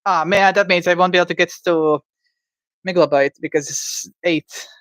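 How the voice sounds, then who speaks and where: A man's voice: sits high, steady tone, normal speed, fairly bright tone, dry recording. A man livestreaming himself drawing, rambling and thinking aloud with stammers, restarts and playful asides. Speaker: livestreamer drawing game creatures. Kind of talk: casual livestream self-talk. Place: indoors at home.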